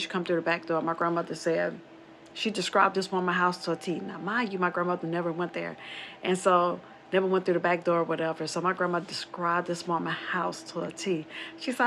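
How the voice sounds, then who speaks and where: A woman's voice: lowish voice, creaky, fairly bright tone, a little hiss or hum. A woman casually telling a spooky true story from her own family, rambling and repeating herself, acting out quoted dialogue.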